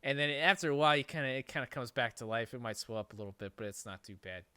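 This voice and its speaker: A man's voice: mid-range voice, steady tone, fast, pushed and bright, smooth, no room sound. A man telling a story on a podcast in a casual, rambling way, swearing and laughing often. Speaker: podcast host. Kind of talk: casual chat.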